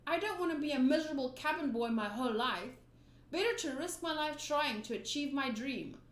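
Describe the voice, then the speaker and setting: Girl doing a shy young cabin boy, earnest and pleading, kinda high, echoey room. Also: lively intonation, a little fast. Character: timid young male cabin boy with a big dream. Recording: roomy echo.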